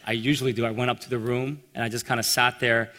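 A man telling a personal story in a sermon, animated and acting out the voices of the people in it. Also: medium pitch, fast. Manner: animated storyteller, acts out quotes. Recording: long reverb in a large hall.

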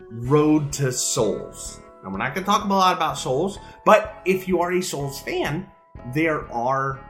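A man's voice: fairly high pitch, fairly bright tone. A man in his thirties co-hosting a casual podcast about retro games, talking in a jokey, rambling, playful way from a room at home. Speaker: podcast co-host. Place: home room with open window.

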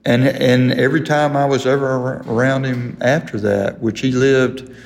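Long hall reverb surrounds an older man's medium-pitched, creaky voice as he tells a sports story at normal speed with flat delivery. He's a folksy interview guest who keeps laughing through his own tale.

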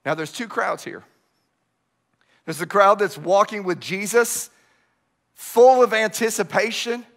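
A young adult male pastor preaching a sermon, telling stories with animated swings from loud outbursts to hushed asides. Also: high voice, measured pace, pauses often.

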